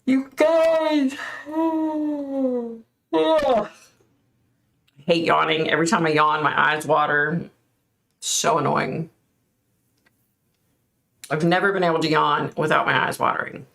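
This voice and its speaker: A woman's voice: low voice, steady tone, normal speed, creaky, long pauses, pushed and bright. A woman hosting a casual livestream, chatting and reacting aloud to viewer comments. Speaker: livestream host.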